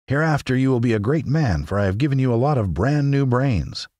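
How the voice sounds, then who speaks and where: A man's voice: medium pitch, animated, a little fast, darkish tone, dry recording, clean studio sound, voice pushed up, lightly acted. A man voicing a meek little man who plays at being a wizard, in a mild, explaining tone. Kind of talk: audiobook character reading.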